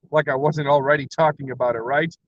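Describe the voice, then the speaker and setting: A comic creator livestreams from his parked car, rambling energetically in a solo chat full of laughs and self-deprecating asides. His voice sits on the high side, and the sound is lo-fi with no echo.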